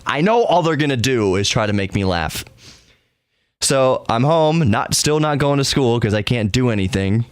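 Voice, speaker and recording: With a medium-pitched voice at a moderate pace and no room sound, a podcast host in his thirties tells a funny story casually. He's self-deprecating and laughs at his own tales.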